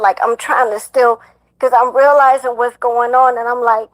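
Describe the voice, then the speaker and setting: A young woman with a slightly high voice tells a hard personal story, stopping and restarting, repeating words. The sound is dry and close, with nothing of the room around her. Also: fairly even intonation, no room sound, low-quality recording. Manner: halting, repeats words, fillers. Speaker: guest. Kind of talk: emotional personal account.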